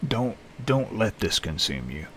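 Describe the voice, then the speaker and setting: A man talking unscripted to camera alone in a small room, tired and halting, with many restarts and fillers. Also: on the low side, very animated, fairly bright tone, soft background music. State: lethargic, tired. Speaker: vlogger in recovery. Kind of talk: unscripted personal vlog. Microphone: camera facing speaker.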